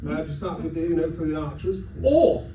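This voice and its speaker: Man, high voice, rambling improv, stage guest, distant mic, echoey hall. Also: lively intonation, fairly quick, background noise. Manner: rambling, hesitant improvising with many fillers. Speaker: guest player as the king. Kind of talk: improvised comedy game. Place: large convention hall with live audience.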